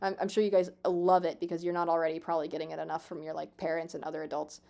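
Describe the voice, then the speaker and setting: A woman in her twenties streaming a game, chatting casually with her viewers, swearing freely, excitable and self-mocking. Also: deep voice, very fast, creaky. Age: 20s. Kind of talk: casual live-stream chat.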